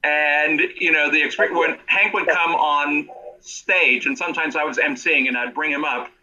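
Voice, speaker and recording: A man and co-host chatting casually, halting and restarting as he praises his guest. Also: on the high side, fairly even intonation, sharp tone, dull audio. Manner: halting, full of restarts and fillers. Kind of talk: casual chat.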